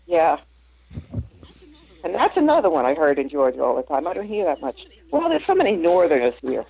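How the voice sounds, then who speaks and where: A man's voice: a little high, brisk, creaky, breathy edge, no room sound. A man telling a story in casual chat, laughing and acting out what other people said, on dull lo-fi radio audio. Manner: animated, laughing, acts out quotes.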